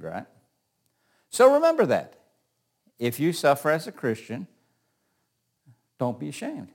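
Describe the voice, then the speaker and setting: A middle-aged man teaching an informal Bible class, talking in a loose, joking way and often repeating words. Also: a little high.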